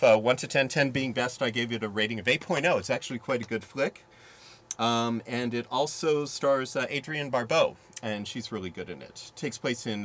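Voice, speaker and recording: A man's voice: medium pitch, a bit bright. Rambling public-access movie reviewer, man. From San Francisco Bay Area. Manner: rambling, halting with frequent fillers.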